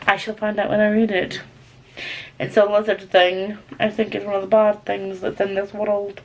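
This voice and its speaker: Young Scottish woman, book vlogger, chatty and easily excited, mid-range voice. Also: mid-range voice, moderate pace. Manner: chatty, excitable, rambling with gasps and exclamations. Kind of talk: casual chat to camera.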